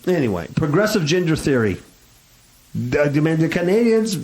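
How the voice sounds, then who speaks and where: A man's voice: a little high, sing-song, normal speed, a little mellow, poor audio. A man hosting a radio talk show, chatting casually in a sarcastic, mocking way. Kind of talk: casual chat.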